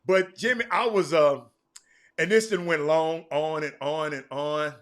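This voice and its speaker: A man hosts a casual sports talk livestream. His bright, sharp voice sits high for a man. He talks in animated bursts, repeats names and restarts his sentences. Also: a little slow. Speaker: sports talk show host. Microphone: streaming mic.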